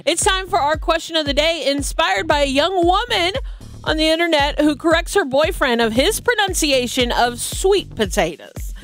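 A woman's voice: high-pitched, fairly bright tone. A woman hosting a morning radio show, chatting casually and playfully with frequent giggles. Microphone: studio mic.

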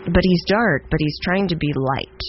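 A man's voice: sits high, moderate pace, muffled recording, a little hiss or hum. A man co-hosting a radio show in casual chat, playful and jokey, often breaking into laughter. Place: radio studio.

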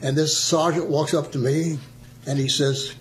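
A man's voice: on the high side, steady tone, unhurried, a little hiss or hum. An older man, a veteran, chatting through his war memories with frequent chuckles. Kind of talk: storytelling oral history.

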